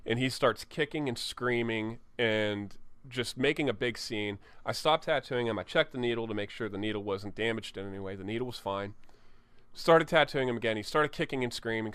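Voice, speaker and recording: Interviewed in his tattoo studio, a tattoo artist tells candid, profane stories from his shop, often restarting his sentences. His voice is smooth, medium-pitched and fairly bright, with no echo.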